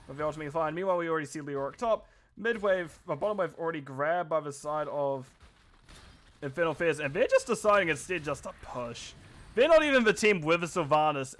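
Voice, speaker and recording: Calling a live esports match, a New Zealand-accented caster talks quickly in an animated, fairly bright voice that sits on the high side. His play-by-play is chatty and self-deprecating, full of rambling asides.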